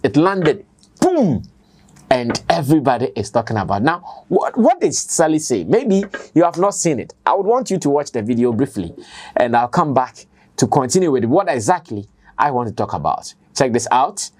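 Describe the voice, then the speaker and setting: A Ghanaian man hosts his own show and delivers spoken commentary. He is conversational and emphatic, and he keeps repeating his points. His voice sits at a middle pitch. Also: big pitch swings, moderate pace, a little mellow. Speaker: commentator and online show host.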